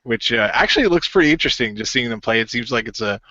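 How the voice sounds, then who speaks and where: A man's voice: mid-range voice, animated, fast, bright, forceful tone, no echo. A man co-hosting a casual podcast chat, rambling through a story with frequent laughs. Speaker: podcast co-host. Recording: dull, dry lo-fi audio.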